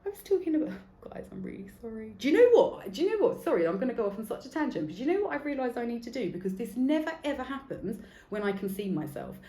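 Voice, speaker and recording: A woman's voice: fairly high pitch, big pitch swings, fast talker, warm tone, roomy sound. A woman of about forty hosting her own podcast, talking bluntly and casually, swearing freely and drifting off on tangents. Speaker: podcast host. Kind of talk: casual solo podcast chat. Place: seated in a room recording a podcast.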